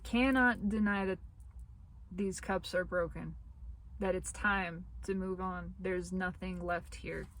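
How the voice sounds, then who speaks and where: A woman giving a spiritual tarot reading to her audience. She talks slowly, repeats her phrases and reassures the listener, and her voice is wearing thin as she loses it. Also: lowish voice, fairly even intonation, a bit bright, a little hiss or hum, rough recording. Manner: slow, repetitive, reassuring phrasing. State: losing her voice. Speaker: tarot reader.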